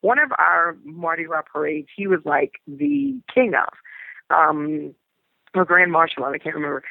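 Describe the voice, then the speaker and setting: An actor from New Orleans, USA, tells stories in an interview over a tinny, dry phone line with no echo. Her voice is gravelly, New and low-pitched, and she rambles and searches for words, trailing off and restarting often.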